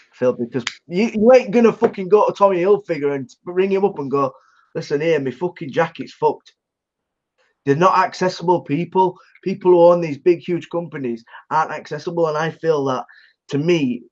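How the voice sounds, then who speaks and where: A man chats on a podcast with cheeky, sweary banter. His voice sits a little high. The recording sounds dull and lo-fi. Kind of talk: casual podcast chat.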